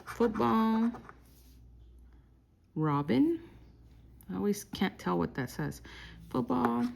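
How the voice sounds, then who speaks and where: A woman from Texas calmly murmuring through lottery scratch-off tickets, slowly listing each symbol as she checks. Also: medium pitch, gravelly, slight background noise. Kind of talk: calm scratch-off play-by-play.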